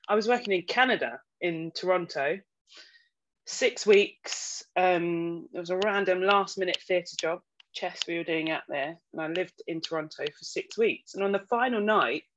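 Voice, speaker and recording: A woman who works as an actor, a guest on a casual podcast, telling stories in an animated way and laughing often. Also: lowish voice. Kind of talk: casual interview chat. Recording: slightly dull, faint noise.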